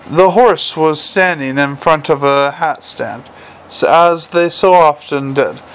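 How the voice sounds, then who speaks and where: A man reading a novel aloud as narrator, measured, dry and gently wry. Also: a little high, clear, resonant tone, low-quality recording.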